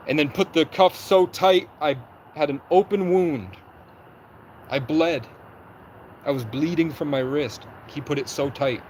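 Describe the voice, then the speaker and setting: A young man on a livestream, recounting events in an agitated, rapid way and acting out what people said. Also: on the high side, a little hiss or hum, rough recording. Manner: agitated, rapid storytelling with reenacted quotes. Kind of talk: livestream monologue.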